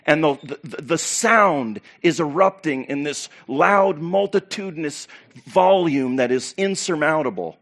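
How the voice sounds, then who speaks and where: A pastor preaching to his church, animated and preacherly, with loud bursts and quiet asides. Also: a little high, unhurried. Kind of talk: sermon.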